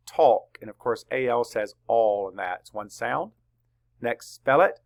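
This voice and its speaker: Male elementary teacher, gravelly voice, unhurried, patient spelling dictation. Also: mid-range voice, animated. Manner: slow, deliberate, letter-by-letter dictation; asks questions and answers them himself. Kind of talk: classroom spelling lesson.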